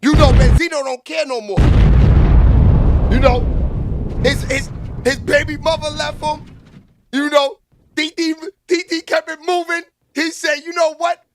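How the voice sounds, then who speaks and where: A man hosting a casual commentary vlog, loud, excitable and full of slangy trash talk. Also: extremely high pitch, unhurried, pauses often. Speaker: host.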